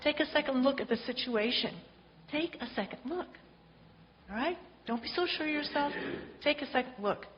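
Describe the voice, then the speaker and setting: A woman's voice: high-pitched, expressive, moderate pace. Woman, church group leader, chatty, encouraging, muffled lo-fi sound, faint hiss. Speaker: church speaker leading a group discussion. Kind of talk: informal talk to a small church group. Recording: dull lo-fi sound with faint noise.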